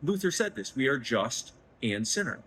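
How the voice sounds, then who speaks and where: A man talking emotionally about his faith in a festival interview, rambling and self-deprecating, his voice leaping higher when he gets excited. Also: normal speed, slightly rough, low-quality recording. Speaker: guest, head of a liberty organization. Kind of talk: emotional faith-filled conversation. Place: festival booth, indoors.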